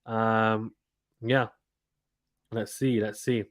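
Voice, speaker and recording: A man's voice: fairly low pitch, flat delivery, drawn-out words, no room sound, studio quality. Chatty man streaming tennis. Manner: chatty, repeats himself, talks to chat viewers. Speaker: live stream commentator. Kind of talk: casual play-by-play watchalong chat.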